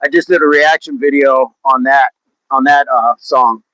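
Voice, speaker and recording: A livestream host from Oklahoma chats casually, reading viewer comments, laughing often, and talking about music and movies, sometimes slipping into put-on accents. His medium-pitched voice is bright and forceful with a steady tone and moderate pace, though the audio is poor.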